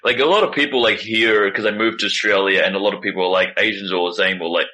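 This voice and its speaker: A young man in casual podcast chat, animated and swearing freely. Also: fairly low pitch, fast, rough recording. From Vietnam. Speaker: podcast co-host.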